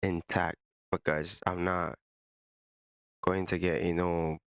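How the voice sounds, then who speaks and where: A man's voice: sits low, level tone, slow, a bit bright, clear, resonant tone, dry recording, studio quality. A man reacting casually to a story and calling the listener "bro". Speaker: reaction commentator. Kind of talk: reaction commentary.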